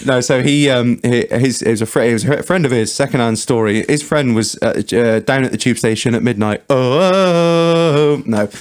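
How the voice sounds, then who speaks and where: A man's voice: mid-range voice, fairly even intonation, fairly quick, few pauses. A man co-hosting a podcast, telling an anecdote in chatty, giggly casual talk. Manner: chatty, giggly, restarts often. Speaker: podcast co-host.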